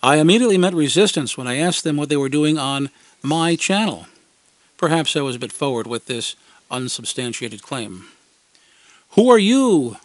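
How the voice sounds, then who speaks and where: A man's voice: medium pitch, moderate pace, dry recording. Dry-humored man telling a radio tale. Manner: wry, dry humor, acted quotes. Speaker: radio segment commentator. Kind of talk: scripted first-person storytelling segment.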